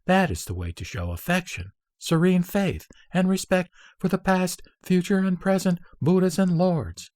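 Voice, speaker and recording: A man reading an old Buddhist scripture aloud in a measured, solemn recitation, pacing out long lists phrase by phrase. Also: high voice, expressive, a little mellow, no echo, studio quality.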